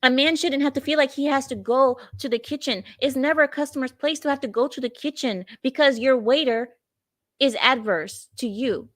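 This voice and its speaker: A woman's voice: high-pitched, normal speed, no room sound. Indignant woman commenting, dry close sound. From not from the U.S. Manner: indignant, emphatic, repeats phrases. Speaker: commentator reacting to a clip. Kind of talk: opinionated reaction commentary.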